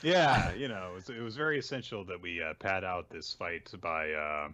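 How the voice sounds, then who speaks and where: A man's voice: deep voice, moderate pace, bright, forceful tone. A man co-hosting a podcast in casual chat, making dry sarcastic quips and trailing off with "so". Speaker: podcast co-host.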